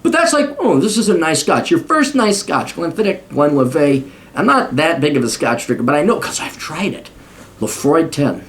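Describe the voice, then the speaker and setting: A man's voice: a little high, sing-song, moderate pace, fairly bright tone. A man in his forties giving a blunt, profane, opinionated casual monologue. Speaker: host.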